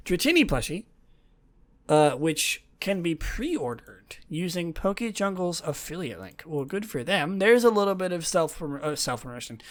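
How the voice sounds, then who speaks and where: A woman hosting a solo podcast, chatting in a gushing, excitable way that often drops into soft whispers. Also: lowish voice. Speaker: podcast host.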